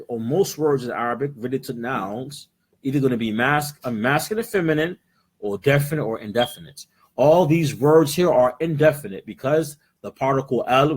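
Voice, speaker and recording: With a husky, mid-range voice, an American Arabic teacher leads an in-person class, moving between English and Arabic words as he patiently explains. He keeps checking in with students by asking "right?"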